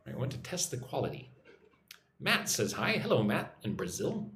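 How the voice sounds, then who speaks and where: A man's voice: medium pitch, sing-song, normal speed, creaky, fairly bright tone, roomy sound, slight background noise. A man from the United States teaching business English on a live stream, reading out viewer messages and tagging phrases with "right?". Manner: repeats "right?" after phrases, reads chat messages aloud. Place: room in Vietnam.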